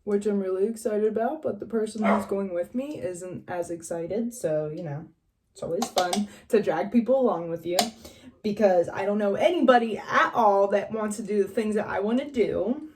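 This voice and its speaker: A young woman from West Virginia with a mild northern West Virginia accent, chatting casually as she gets ready, rambling and often trailing off quietly. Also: mid-range voice, moderate pace, background noise. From West Virginia, USA. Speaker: vlogger. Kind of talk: casual get-ready-with-me chat.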